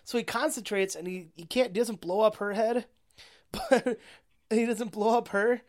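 A woman's voice: a little high, measured pace, a little mellow. A young woman casually recapping a movie plot, rambling, full of "like" and swearing, often laughing. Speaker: movie reviewer.

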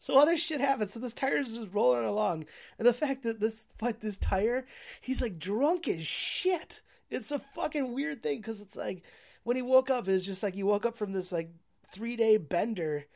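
A woman's voice: a little high, lively intonation, moderate pace, creaky, darkish tone. A young woman casually recapping a movie plot, rambling, full of "like" and swearing, often laughing. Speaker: movie reviewer.

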